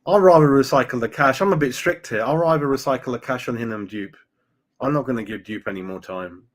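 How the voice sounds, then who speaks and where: This is a brisk, medium-pitched male voice belonging to a middle-aged fan live-stream host. Reading out viewer comments, he chats casually, voices firm opinions, and keeps dropping in "mate" and "right?".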